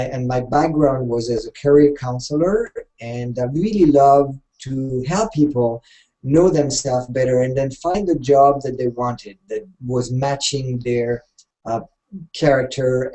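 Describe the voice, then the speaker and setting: Middle-aged guy, french accent, mellow low-key voice, lots of uhs and restarts. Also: low-quality recording. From Switzerland. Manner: hesitant, many fillers and restarts. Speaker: guest, career and training consultant. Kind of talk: interview answers.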